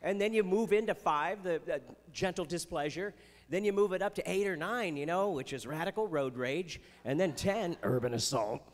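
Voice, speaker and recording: A man's voice: high voice, moderate pace, in a large hall. A man doing chatty Christian stand-up comedy on stage, with playful jokes and asides. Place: festival stage before a live audience.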